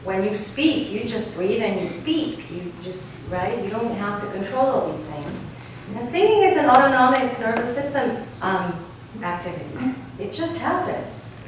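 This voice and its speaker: A woman vocal coach from Argentina leads a singing workshop, teaching in a lively way and often checking in with "right?". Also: on the high side, a little slow, a little hiss or hum. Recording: distant mic in a very echoey room.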